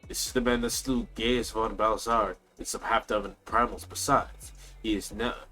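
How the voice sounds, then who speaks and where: A man's voice: on the low side, fairly even intonation, normal speed, sharp tone, soft background music, poor audio. A man voicing a stern, commanding elderly nobleman, reading formally with some stumbles.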